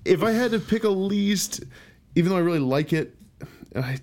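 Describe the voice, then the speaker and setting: A man's voice: high voice, expressive, moderate pace, darkish tone. A man co-hosting a podcast in casual chat, speaking hesitantly with many fillers and restarts. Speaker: podcast co-host.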